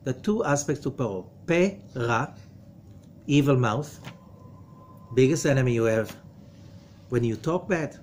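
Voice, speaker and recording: A man teaching Kabbalah to a study group, emphatic and full of rhetorical questions, dropping to a low, quiet voice when he warns. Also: lively intonation, measured pace, long pauses, slight background noise. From from outside America. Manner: drops to a low, quiet voice for warnings.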